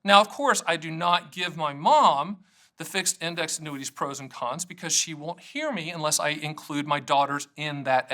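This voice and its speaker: A middle-aged man, an annuity agent, talking straight to camera in an energetic, joking way that wanders off on tangents. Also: a little high. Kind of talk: casual direct-to-camera talk.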